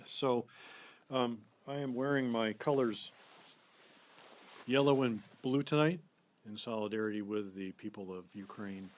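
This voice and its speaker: A man on a city council opening a discussion with a measured, earnest statement. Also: mid-range voice, a little hiss or hum.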